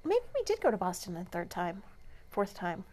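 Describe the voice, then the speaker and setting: A woman's voice: mid-range voice, huge pitch swings, moderate pace, mellow. A woman co-hosting a casual travel podcast, chatty and easygoing, often trailing off with "anyway". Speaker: podcast co-host.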